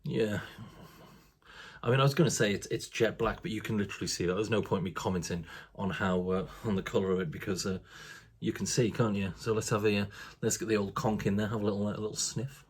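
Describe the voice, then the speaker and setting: A man's voice: on the low side, steady tone, a little fast, husky. A man casually reviewing a craft beer, chatty and rambling, with casual swearing.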